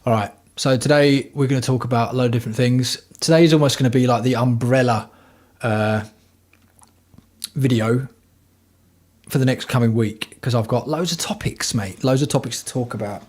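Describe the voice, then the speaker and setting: A man's voice: mid-range voice, steady tone, normal speed, darkish tone. Blunt, swearing man on a livestream. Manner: profane, blunt, rambling. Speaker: livestream host. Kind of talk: casual rambling livestream chat. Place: at home.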